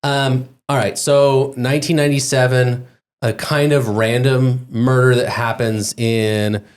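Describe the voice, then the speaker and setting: A man's voice: mid-range voice, level tone, a little slow, clear, resonant tone. A man hosting a podcast, steering the conversation and walking through news cases. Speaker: podcast host. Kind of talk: casual podcast chat.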